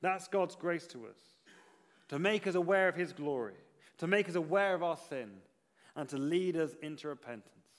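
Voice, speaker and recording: A man preaching a sermon in an earnest manner, rising to emphatic repetition and then dropping low. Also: lively intonation, normal speed, long reverb tail.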